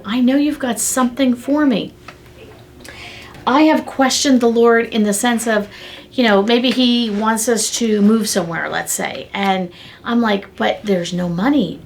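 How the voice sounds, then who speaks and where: A middle-aged woman delivers a devotional talk in a somewhat high voice. She gets excited as she speaks and slips into playful back-and-forth dialogues with God. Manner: animated, acts out dialogues with God; excitable, talks with her hands. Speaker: devotional podcast host. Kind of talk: devotional teaching.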